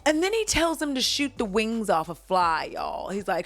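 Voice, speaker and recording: A woman's voice: medium pitch, animated, normal speed. A woman hosting a casual movie recap vlog, giggly and rambling, with plenty of swearing.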